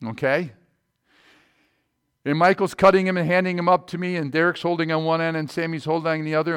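A man's voice: fairly high pitch, a bit bright, clear, resonant tone. Older male pastor, storytelling sermon. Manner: anecdotal, checks in with listeners.

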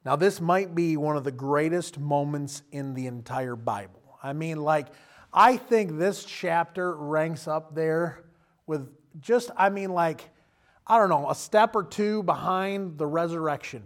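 Man, preacher, sermon, fairly high pitch, emphatic, questions the congregation. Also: measured pace. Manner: animated, emphatic, rises to loud bursts; direct questions to the listener.

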